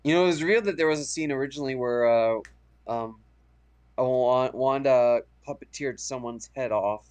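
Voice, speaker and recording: Male podcast co-host, chatty, giggly storyteller, average pitch. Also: normal speed, darkish tone, clear, resonant tone. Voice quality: chatty, laughs through his stories. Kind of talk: casual movie chat.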